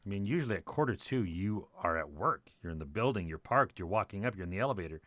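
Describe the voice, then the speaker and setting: A man with a lowish voice talks through his doubts, asking pointed questions in a sarcastic tone. The recording is dry, with no room sound. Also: lively intonation, quick pace, fairly bright tone, dry recording. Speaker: commentator. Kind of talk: skeptical commentary.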